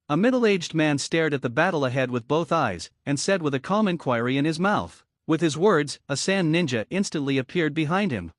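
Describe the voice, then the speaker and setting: A man narrates an anime recap at a steady reading pace, his pitch moving up and down a lot. The recording is dry and close, with no room sound. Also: moderate pace, few pauses, dry recording.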